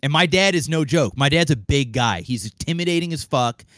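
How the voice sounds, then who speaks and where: Fast-swearing young man telling a story. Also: a little high, no room sound. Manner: animated, acts out quoted voices, swears freely. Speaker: podcast co-host. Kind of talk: casual storytelling.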